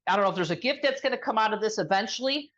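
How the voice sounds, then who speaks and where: A woman sound healer guiding an energy healing session, talking slowly and soothingly. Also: on the high side, animated, fairly bright tone, dull audio.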